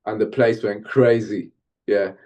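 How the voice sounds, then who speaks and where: A middle-aged man from Birmingham, England, guesting on an interview podcast and telling stories from his music career in an animated way. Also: fairly low pitch, unhurried, dull audio. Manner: animated storyteller, slips into Jamaican-style patois when chanting. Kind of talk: storytelling interview.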